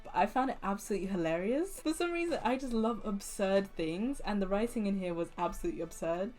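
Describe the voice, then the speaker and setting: A young woman reviews books in a loose, chatty way. She jokes and laughs often, and her voice sits in a middle pitch. Faint music plays quietly behind her. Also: expressive, fast talker. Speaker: book vlogger. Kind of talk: casual book review chat.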